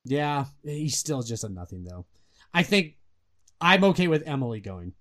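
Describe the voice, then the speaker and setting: A young man co-hosting a gaming podcast in casual chat, animated and swearing often. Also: mid-range voice, moderate pace. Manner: animated, swears a lot, mocks characters in put-on voices. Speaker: podcast co-host.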